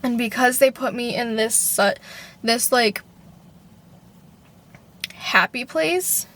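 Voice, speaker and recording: A woman's voice: a little high, slow, a bit bright. A young woman talking casually to camera in a personal vlog, rambling, filling with "like" and swearing freely. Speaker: vlogger.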